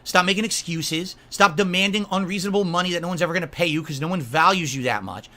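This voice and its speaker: A man's voice: sits high, fast talker, sharp tone. A man delivering an angry, profane rant, scolding and mocking someone at length. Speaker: streamer.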